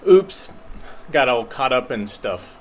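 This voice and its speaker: A man's voice: medium pitch, big pitch swings, takes it slowly, slight background noise. A man casually introducing films on a live stream, hesitant and full of fillers. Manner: hesitant, filler-laden, self-deprecating. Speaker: host presenting films.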